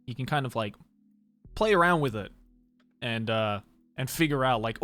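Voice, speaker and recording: A man's voice: mid-range voice, expressive, normal speed, long pauses, pushed and bright, soft background music. An Australian man streaming and chatting casually, rambling with lots of fillers and restarts. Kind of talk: casual livestream chat.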